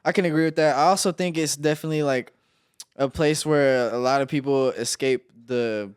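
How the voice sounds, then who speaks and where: Smooth-voiced slangy man. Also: mid-range voice, a little fast, dry recording, clean studio sound. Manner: slangy, swears freely, frequent restarts. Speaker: podcast co-host. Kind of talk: casual chat. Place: recording studio. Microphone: studio mic with headphones.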